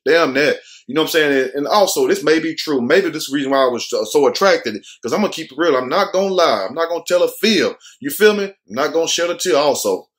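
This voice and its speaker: A man hosting his own commentary show, talking straight to his viewers in loose, joking street slang. His voice sits a little high for a man. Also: fairly bright tone. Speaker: show host. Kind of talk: casual commentary on a viral video.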